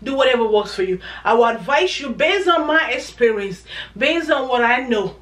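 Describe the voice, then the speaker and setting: A woman's voice: on the high side, expressive, normal speed, a bit bright. Chatty woman, echoey and distant. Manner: chatty, emphatic, repeats herself. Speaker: vlogger. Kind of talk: casual chat to camera.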